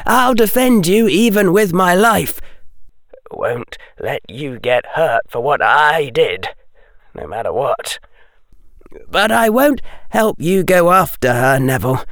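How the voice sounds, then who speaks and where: A male narrator plays a hoarse schoolboy holding his voice under careful control. He speaks slowly, his pitch sitting high and swinging wide. Close, dry recording. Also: fairly bright tone, no room sound, full character voice. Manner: tightly controlled. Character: tense, careful boy hero pleading.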